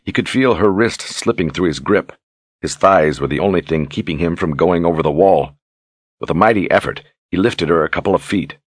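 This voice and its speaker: A man reading a fantasy novel aloud in steady, measured scripted narration. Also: sits low, no echo. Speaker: audiobook narrator.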